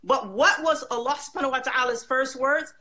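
A woman's voice: sits high, a little fast, bright, forceful tone. A woman speaking passionately and emphatically in a religious discussion, with pointed rhetorical questions.

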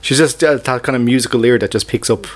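A man's voice: medium pitch, fast. A man with a Dublin accent, easygoing in casual podcast chat, asking questions.

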